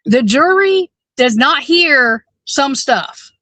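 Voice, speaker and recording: Lady in her 40s on a true-crime podcast, fired up and blunt, cusses a lot, kinda high voice, dry close sound. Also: lively intonation, slow, bright, forceful tone, no room sound. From Alabama. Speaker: podcast co-host. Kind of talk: casual true-crime discussion.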